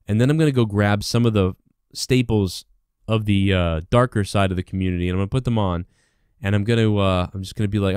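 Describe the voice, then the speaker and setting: A male show host rambles through a profane comic rant. His voice is smooth and resonant, and it is recorded close and dry with no room sound. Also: on the low side, darkish tone, dry recording. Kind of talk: profane comedic monologue.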